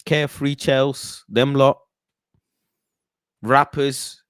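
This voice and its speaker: A man from the UK hosting casual football chat, animated and slangy, often breaking into chants and impressions. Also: medium pitch, slow pace, clean tone, no room sound. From United Kingdom. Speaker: football channel host.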